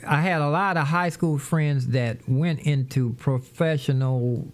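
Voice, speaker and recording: A middle-aged man hosting a casual livestream from his home studio, rambling to his viewers while he sets up music software. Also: a little high, measured pace. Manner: rambling, talks to viewers as "y'all".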